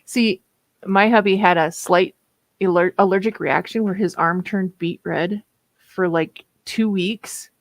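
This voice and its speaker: A woman's voice: on the low side, a little slow, dry recording, poor audio. A woman in her fifties with a Minnesota accent, chatting casually and laughing often while hosting writing sprints. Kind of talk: casual livestream chat.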